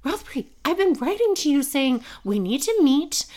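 Woman doing a high, exasperated Regency lady. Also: big pitch swings, moderate pace, a little mellow. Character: indignant young Regency noblewoman.

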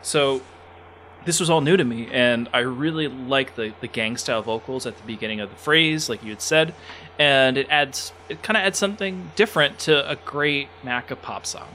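An easygoing man co-hosting a podcast, chuckling and hesitating on fillers. His voice is bright and sharp, over a faint background hiss. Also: medium pitch, normal speed. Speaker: podcast co-host. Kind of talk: casual chat.

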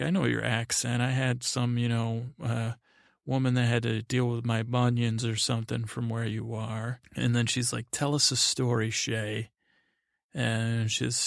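A man's voice: mid-range voice, gravelly, fairly bright tone, dry recording, studio quality. A man hosting a sleep podcast, recapping a TV episode in a meandering, casual way full of fillers and asides. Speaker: podcast host.

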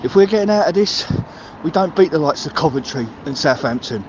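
A man's voice: a little high, expressive, a little fast, a little mellow, highs cut off, a little hiss or hum. A man leaving a voicemail, ranting and swearing about his football team. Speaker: caller. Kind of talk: voicemail rant.

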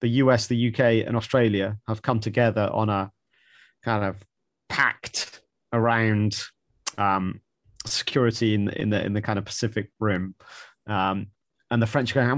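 A man's voice: on the low side, normal speed, no room sound, studio quality. A man co-hosting a casual news chat, thinking aloud with repeated words and a wry tone.

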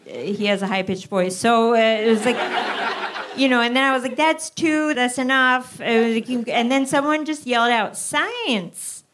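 A woman guest telling a comic story at a live theatre show, deadpan and self-deprecating. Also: on the high side, a little fast, background noise. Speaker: comedian guest.

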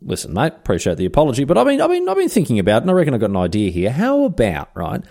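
A cheeky young Viking king played by a man who talks like an easygoing bloke. His voice is mellow and warm, and his pitch swings up and down a lot. He chats along with matey slang. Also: wildly swooping pitch, racing, gravelly, exaggerated voice.

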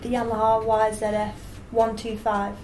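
A woman's voice: fairly high pitch, monotone, moderate pace, crowd noise. A woman co-hosting a podcast, chatting in an easygoing way and laughing along. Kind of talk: casual chat. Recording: roomy echo with faint noise.

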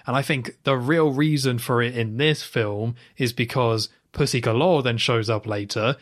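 A man's voice: mid-range voice, moderate pace. Chatty man co-hosting a podcast. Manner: animated, talks in long run-on stretches with many "like"s. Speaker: podcast co-host. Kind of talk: casual film-review chat.

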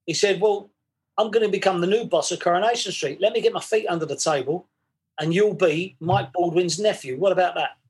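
A man's voice: sits high, fairly quick, a little mellow. A man, chatting as a podcast guest and acting out both sides of old conversations. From England. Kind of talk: casual storytelling chat.

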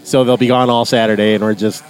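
A man's voice: mid-range voice, flat delivery, fast, low-quality recording. A married man co-hosting a casual podcast in a bar, easygoing and wry. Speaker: podcast co-host.

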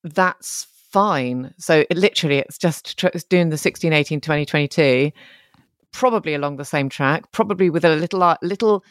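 A woman's voice: low-pitched, normal speed, dry recording. A woman co-hosting a podcast, chatting casually and laughing often in a candid, self-deprecating way. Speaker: podcast co-host. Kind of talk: casual chat. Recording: dry remote call audio.

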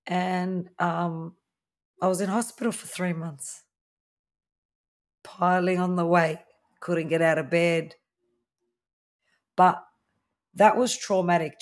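A woman in her thirties with an Australian accent, a podcast guest candidly telling her own story in a conversational way. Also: on the low side. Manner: candid, conversational, with fillers and quoted dialogue. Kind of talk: personal storytelling interview.

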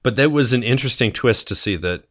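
A man's voice: mid-range voice, animated, quick pace. A man co-hosting a casual podcast, animatedly retelling a TV episode and acting out the characters' lines. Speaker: podcast co-host. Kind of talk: casual chat.

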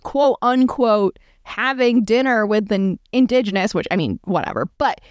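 Sarcastic woman reacting, crisp dry voice. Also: mid-range voice, expressive, moderate pace, dry recording. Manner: sarcastic, amused, reads aloud and riffs. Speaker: commentator reacting to a blog. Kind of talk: casual reaction commentary.

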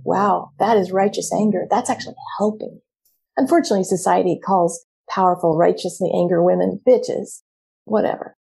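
Middle-aged woman coaching, frank and animated, husky warm voice. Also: mid-range voice. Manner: candid and expressive, acts out quoted reactions. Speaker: speaker coaching women. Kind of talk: animated motivational talk.

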